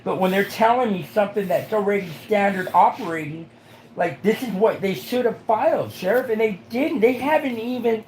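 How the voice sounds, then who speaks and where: A man's voice: high-pitched, moderate pace, darkish tone, reverberant, slight background noise, poor audio. A man making a rambling complaint to a sheriff, often asking "right?" to check he is followed.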